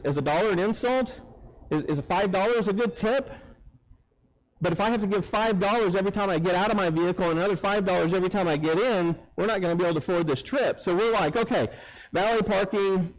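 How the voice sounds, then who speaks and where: A man preaching a sermon, telling a story in an animated way and acting out the people in it. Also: sits high, low-quality recording. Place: church sanctuary.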